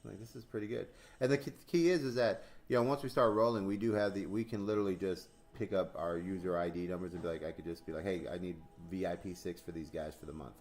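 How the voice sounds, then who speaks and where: A man with a fairly low voice chats casually as host of a crypto stream. He tells animated stories, acts out both sides of conversations, swears freely and laughs a lot. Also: fast talker, hardly any pauses, soft background music. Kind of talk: casual chat.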